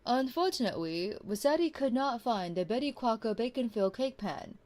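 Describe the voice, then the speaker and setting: A woman voicing a humble, devoted knight in a whispered role-play, speaking softly in formal, courtly address. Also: on the high side, lively intonation, moderate pace, close to an everyday voice. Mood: doting. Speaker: streamer.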